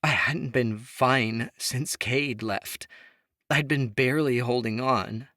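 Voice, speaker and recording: A man voicing an angry, grieving young woman in shrill, tearful outbursts. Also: slow pace, sharp tone, no room sound, studio quality.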